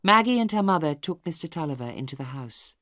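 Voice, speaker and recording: A storyteller reading a simple novel aloud for English learners, slowly and with clear spacing. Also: medium pitch, sing-song, pushed and bright, no echo, studio quality. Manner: slow, clearly spaced storytelling. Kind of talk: slow graded-reader narration for English learners.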